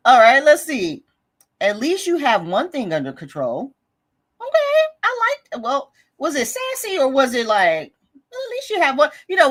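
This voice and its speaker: A woman hosts a live stream in a bright, fairly high voice that swoops up and down with a very animated delivery. She reads viewer comments aloud in a casual, chatty tone and cheers people on, laughing often along the way. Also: breathy edge. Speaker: host of a budgeting live stream.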